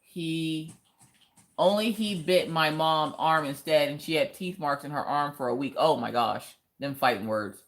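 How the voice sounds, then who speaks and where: A woman's voice: sits low, measured pace. A woman hosting a casual craft livestream, chatting playfully, laughing often and reading viewer comments aloud. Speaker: livestream host.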